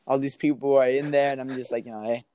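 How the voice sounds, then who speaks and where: A man's voice: medium pitch, steady tone, fast, dark tone, slight background noise. A young man telling a story in a casual, slangy way and laughing often. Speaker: guest.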